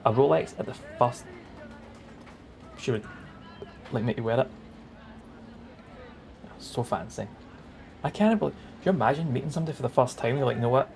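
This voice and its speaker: A man's voice: mid-range voice, moderate pace, creaky, long pauses, darkish tone, a little hiss or hum. A man streaming a game, chatting in an upbeat, casual way and reading text aloud. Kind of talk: casual gaming commentary. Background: game music.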